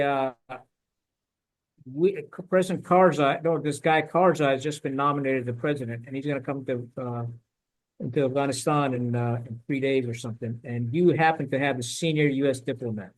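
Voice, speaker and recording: Chatting casually on a podcast, a middle-aged ex-Marine recounts a war story with energy, swearing now and then and imitating the people involved. He speaks at normal speed in a medium-pitched voice over a rough recording.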